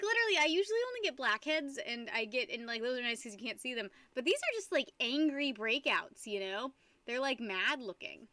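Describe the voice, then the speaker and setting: A woman's voice: high voice, bright, forceful tone, no room sound. A young woman streaming from home, chatting casually with viewers in a rambling, giggly way and greeting chat often. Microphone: desk microphone.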